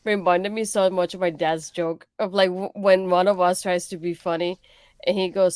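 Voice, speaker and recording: A woman's voice: on the low side, fairly even intonation, moderate pace, a little mellow, clean tone, no echo. Laughing woman podcast co-host, dry sound. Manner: chatty, laughs often. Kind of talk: casual chat.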